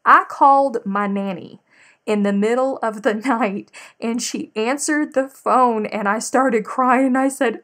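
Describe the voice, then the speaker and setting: A woman hosting a live crochet stream, chatting casually and telling animated stories straight to her viewers. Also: mid-range voice, a little slow. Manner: chatty, animated storytelling, addresses viewers directly.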